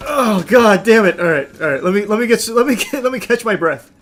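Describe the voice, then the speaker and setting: A man doing let's play commentary, shouting and swearing at the game and then dropping to low, dry asides. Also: lively intonation, brisk, soft background music. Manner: drops to low, dry asides between outbursts. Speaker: gaming streamer.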